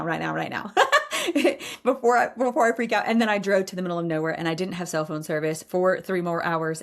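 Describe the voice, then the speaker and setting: A woman in her forties hosting a podcast, telling personal stories in a candid, emphatic way and laughing now and then. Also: mid-range voice. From Iowa. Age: 40s. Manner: candid, emphatic, says y'all, laughs often. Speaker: podcast host. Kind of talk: personal storytelling monologue.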